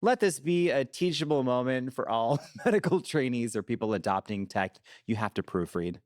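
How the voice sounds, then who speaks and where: A man's voice: mid-range voice, lively intonation, moderate pace, darkish tone, dry recording. A man co-hosting a podcast about a TV drama, chatting casually and explaining medical terms from his own clinical work. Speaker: podcast co-host. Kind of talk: casual discussion of a TV episode.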